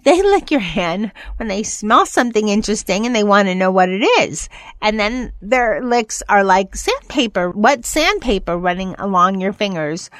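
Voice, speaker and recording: A woman hosting a pet podcast, talking casually and rambling, who now and then breaks into high, playful voices to mimic excited pets. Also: normal speed, no room sound. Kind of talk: casual monologue.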